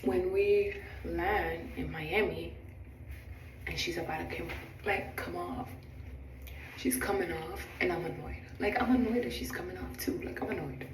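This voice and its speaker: Sassy woman telling a story, low voice. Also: measured pace. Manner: animated, dramatic retelling with acted-out quotes; blunt, sassy asides. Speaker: flight attendant. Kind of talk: storytime vlog while doing makeup. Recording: roomy, distant, noisy background.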